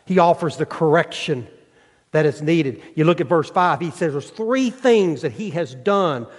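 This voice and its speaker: A man's voice: a little high, animated, a little slow. A male pastor preaching a sermon, putting rhetorical questions to his congregation. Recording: long hall reverb.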